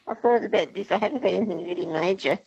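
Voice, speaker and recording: A woman's voice: mid-range voice, fast talker, gravelly, a little mellow, slightly rough, dry recording, dull audio. A woman calling into a radio quiz, laughing and thinking aloud over her answers. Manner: laughing, hesitant. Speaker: caller.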